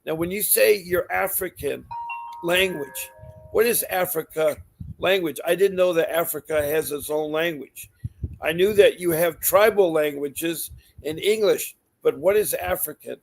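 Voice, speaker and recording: A man's voice: a little high, unhurried, gravelly, slight background noise. A man hosting a call-in advice show, asking folksy questions and steering the conversation. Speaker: talk show host.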